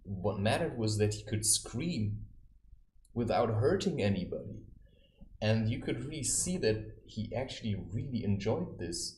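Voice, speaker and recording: A man's voice: medium pitch, darkish tone. A man giving spiritual advice in a casual, rambling monologue, telling anecdotes and acting out the people in them. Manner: rambling, anecdotal, with acted quotes. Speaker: self-styled spiritual adviser. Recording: roomy echo.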